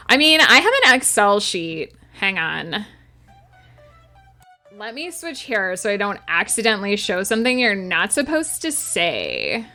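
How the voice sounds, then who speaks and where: Bright, lively woman streamer. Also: medium pitch, normal speed, soft background music. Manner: chatty, reads chat aloud and answers viewers. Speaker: writer streaming her planning. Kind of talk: casual livestream chat with viewers.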